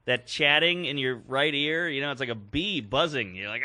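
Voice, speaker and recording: A comedian co-hosting a podcast, telling heated stories in casual chat and acting out shouted lines. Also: male voice, mid-range voice, a little fast, no echo. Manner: heated storytelling, acts out shouting.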